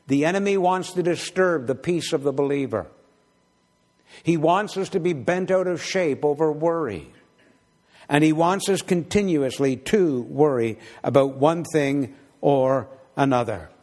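A man preaching a sermon as pastor, slow and deliberate, with gentle humor. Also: on the high side.

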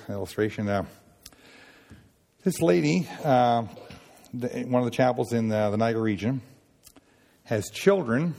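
A man from Nova Scotia with a Nova Scotian accent, giving a folksy talk at a chapel, halting and full of restarts as he tells stories. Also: mid-range voice, gravelly, a little mellow, long reverb tail. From Nova Scotia, Canada. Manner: homespun, halting, with many restarts and acted-out dialogue. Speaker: sailors' gospel worker speaking at a chapel.

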